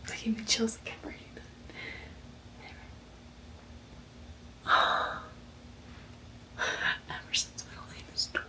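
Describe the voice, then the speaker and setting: A woman's voice: slow, pauses often, poor audio. A young woman vlogger whispering her gasping, gushing reactions to a book late at night before bed. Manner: gasping, gushing, says like a lot.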